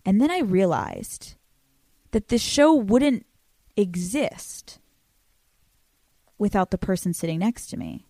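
A woman's voice: medium pitch, big pitch swings, mellow, no echo. Brash, profane young-sounding woman host. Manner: brash, profane, quick and laughing. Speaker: podcast host. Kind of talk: casual chat.

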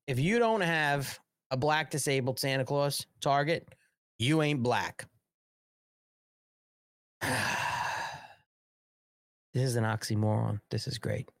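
A middle-aged American man hosts a live commentary show, his pitch swinging widely as he mocks and jokes. His sarcastic, profane rant is broken by frequent laughter. The voice sounds close and dry, with no room echo. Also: lively intonation, a little slow, pauses often.

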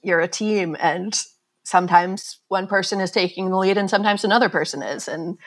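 In a casual interview, a woman author chats candidly and laughs at herself. Her voice sits on the lower side and she talks fairly quickly.

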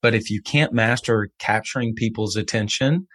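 A man's voice: lowish voice, a bit bright, no room sound. A man hosting a podcast interview, talking. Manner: conversational, reads ad copy briskly. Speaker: podcast host.

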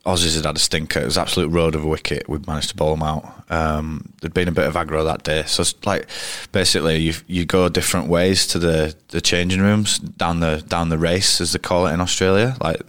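A man's voice: sits low, little pitch movement, fairly quick, few pauses, fairly bright tone, no echo, clean studio sound. A man in his thirties, a cricketer guest telling anecdotes in a rambling, casual way full of restarts. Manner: rambling, frequent restarts and fillers. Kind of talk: casual storytelling interview.

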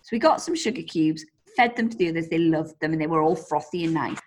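A woman co-hosting a podcast, telling stories in a lively way and swearing casually. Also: low-pitched, fast talker. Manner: animated storyteller, swears casually. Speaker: podcast co-host. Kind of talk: casual chat.

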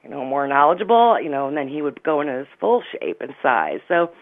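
A woman's voice: deep voice, fairly quick, crowd noise. Middle-aged woman, psychic medium guest, dramatic storytelling, laughs often, dull lo-fi radio sound. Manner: lively, dramatic retelling with laughs. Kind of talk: animated personal storytelling.

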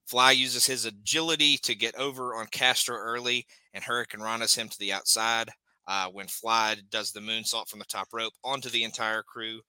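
A man hosts a laid-back podcast, walking through each match in a bright, crisp voice that sits a little low. He talks loosely, with fillers between beats, recorded dry and close. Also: normal speed, no echo, rough recording. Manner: relaxed, recaps matches play by play with many fillers. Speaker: podcast host. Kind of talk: casual podcast chat and match recap.

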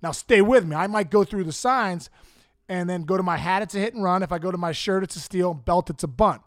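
A man's voice: high voice, brisk, dry recording, studio quality, natural voice. A man voicing a stern middle-aged male baseball manager, explaining things step by step in a briefing tone. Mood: instructive.

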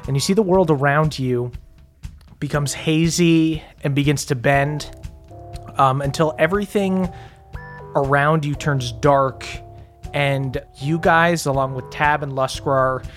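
A man's voice: a little high, a little slow, soft background music. A man narrating as game master of a tabletop game, hesitant with frequent ums. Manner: hesitant, lots of ums, relaxed.

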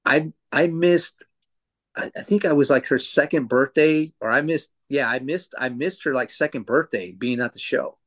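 A man's voice: mid-range voice, moderate pace, fairly bright tone. Profane, rambling man telling stories. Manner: loose, profane storytelling with many fillers. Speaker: tattoo artist guest. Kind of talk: casual podcast conversation.

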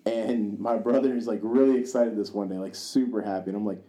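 Fairly low-pitched and mellow, a man co-hosting a podcast tells loose, rambling stories fairly quickly with fairly even intonation. He swears freely, voices the people he quotes and keeps stumbling into fillers and restarts.

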